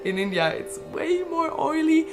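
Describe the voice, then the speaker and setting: A woman's voice: high-pitched, very animated, normal speed, music in the background. A woman in her twenties chatting casually as a vlogger answering viewer questions, laughing often and swearing freely. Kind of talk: casual Q&A chat.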